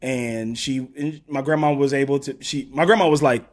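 A man, a podcast guest telling a long story. His voice sits at an ordinary mid pitch, and he jumps into other people's voices as he goes. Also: normal speed. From US South, Gulf Coast. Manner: animated storyteller, acts out quotes. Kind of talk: casual storytelling interview.

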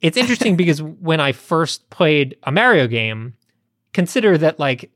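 Relaxed chatty podcast man. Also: fairly high pitch, normal speed, no echo, clean studio sound. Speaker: podcast co-host. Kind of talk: casual chat and anecdotes.

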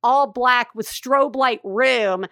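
A woman host in her middle years tells a messy family story in a rambling, self-deprecating way, swearing freely. Her voice sits on the high side. It is recorded close to the mic with a very dry sound. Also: slow pace, bright, forceful tone, no echo. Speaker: podcast host. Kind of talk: casual chat, emotional storytelling.

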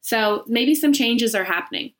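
A woman chatting casually as a podcast guest, telling stories and making deadpan jokes. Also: a little high, moderate pace. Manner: playful, deadpan joking. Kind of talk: casual chat.

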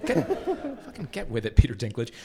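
Animated man hosting a live comedy quiz. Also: medium pitch, moderate pace, vocal fry. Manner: mocking, playful, profane. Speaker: host of a comedy quiz podcast. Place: theatre stage before a live audience. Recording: live show with audience behind.

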